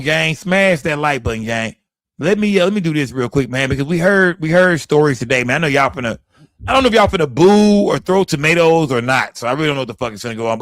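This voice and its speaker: Texan livestream host, drawl, fairly high voice, loose and profane, close dry mic. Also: male voice, a bit bright, dry recording. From Texas. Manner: loose, profane, talks straight to chat. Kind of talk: casual livestream commentary.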